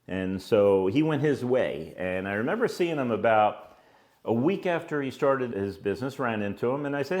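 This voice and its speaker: An older man who owns a business, telling stories casually and acting out the dialogue. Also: normal speed. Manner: animated, acts out quoted dialogue with raised pitch, chuckles between lines. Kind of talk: casual storytelling monologue.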